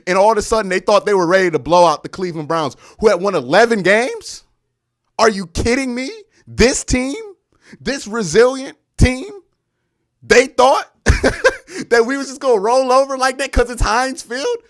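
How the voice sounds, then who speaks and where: A man's voice: very high voice, lively intonation, moderate pace. Brash, trash-talking male sports streamer. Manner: boastful trash talk with shouts and laughs, reads out viewer messages. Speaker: sports show host. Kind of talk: excited live-stream sports talk.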